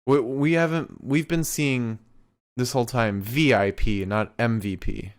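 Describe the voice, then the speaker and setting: A man co-hosting a podcast, adding calm, measured, hedging remarks. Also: mid-range voice. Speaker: podcast co-host. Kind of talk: casual wrestling chat.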